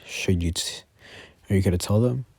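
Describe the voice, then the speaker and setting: A man voicing a calm, small male animal who leads a school, in a plain, matter-of-fact reading. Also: low voice, normal speed, gravelly, no echo.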